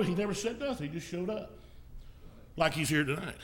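High bright guy preaching a folksy sermon, gets loud and shouty sometimes, coughs a bit. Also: a little fast. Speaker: evangelist preacher.

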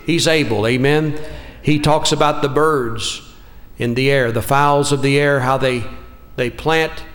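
A man's voice: mid-range voice, fairly even intonation, a little slow, a bit bright, big-room sound. A man preaching a sermon, telling a folksy story with restarts and calls of amen.

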